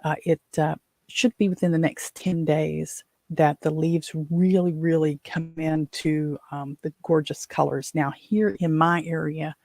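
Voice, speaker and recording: A woman's voice: deep voice, level tone, a little slow, vocal fry, a little mellow, dry recording, studio quality. A middle-aged woman from West Virginia hosting her own show, rambling through exasperated stories with lots of fillers. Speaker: podcast host. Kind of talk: casual chat.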